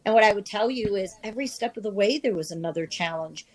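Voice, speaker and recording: A woman in her fifties from the American Midwest, a sports reporter telling her career stories in an interview, animated and self-deprecating. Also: mid-range voice, quick pace, rough recording. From Midwest of the United States. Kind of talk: candid conversational storytelling.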